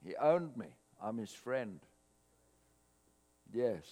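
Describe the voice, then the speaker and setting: A man preaching a sermon to his congregation, swelling louder on scripture quotes. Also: mid-range voice, very slow. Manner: expressive preaching, rising loud on scripture quotes. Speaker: pastor. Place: church hall, cold morning. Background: mains hum.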